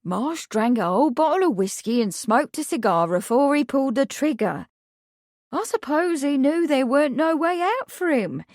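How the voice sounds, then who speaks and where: A woman's voice: sits high, a little mellow, no room sound, clean studio sound, pitched above the performer's own voice, heavily acted. A woman voicing an older housekeeper who speaks in plain rustic dialect. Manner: rustic dialect, matter-of-fact. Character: older housekeeper, gossipy and sympathetic.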